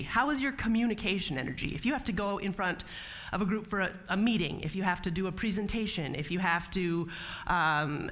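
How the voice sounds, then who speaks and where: Bright, animated woman speaker. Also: mid-range voice. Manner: playful, animated, acts out mock dialogues. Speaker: guest speaker. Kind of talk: spiritual talk to a live audience.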